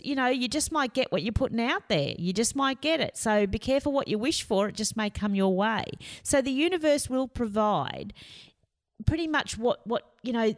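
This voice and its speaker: A woman giving a lively motivational talk, telling stories and putting on voices. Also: medium pitch. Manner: lively, storytelling with put-on voices. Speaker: motivational speaker.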